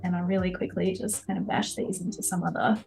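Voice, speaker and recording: A woman from Australia, a guest lettering artist, relaxed and talking as she draws. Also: fairly low pitch, quick pace, gravelly, faint music behind, rough recording. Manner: relaxed, talks while drawing. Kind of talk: casual demo narration.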